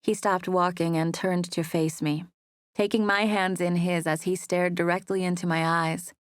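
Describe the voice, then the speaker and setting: A woman narrating a first-person romance audiobook in a soft, wistful manner. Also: fairly low pitch, little pitch movement, normal speed, clean tone, no room sound, studio quality.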